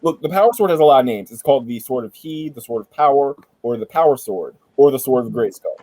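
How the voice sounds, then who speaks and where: A man hosting a casual entertainment chat, retelling a backstory in an animated, joking way and swearing casually. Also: mid-range voice, fast talker, no room sound, rough recording. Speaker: podcast host.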